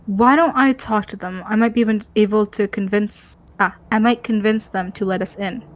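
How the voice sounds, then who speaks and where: A woman's voice: mid-range voice, moderate pace. Woman, co-host, reads game narration aloud, trips over words. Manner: stumbles over words, laughs often. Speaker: co-host reading a story game.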